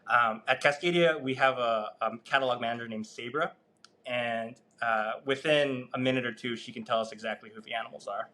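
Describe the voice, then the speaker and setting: Man, bright tense voice, podcast guest, animated storytelling, swears and laughs. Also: medium pitch, fairly quick. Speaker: guest researcher. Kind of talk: casual storytelling in a podcast interview.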